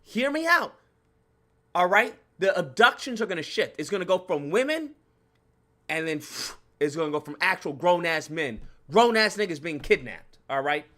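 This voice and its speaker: Animated, laughing man telling a story. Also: high voice, normal speed. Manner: animated, profane, laughing, acts out his reactions. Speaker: channel host. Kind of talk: casual storytelling rant.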